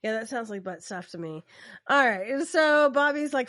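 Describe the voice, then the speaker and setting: A woman's voice: on the high side, animated, normal speed, fairly bright tone, no echo, studio quality. A middle-aged woman co-hosting a podcast, rambling chattily while recapping a TV episode. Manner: chatty, rambling, lots of fillers. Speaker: podcast co-host. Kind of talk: casual chat recapping a TV episode.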